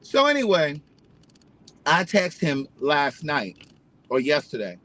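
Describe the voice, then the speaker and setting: Indignant storytelling man, raised pitch. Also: wildly swooping pitch, slow, sharp tone. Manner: emphatic, indignant, profane storytelling; addresses viewers directly. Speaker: vlogger. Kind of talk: casual storytelling to camera.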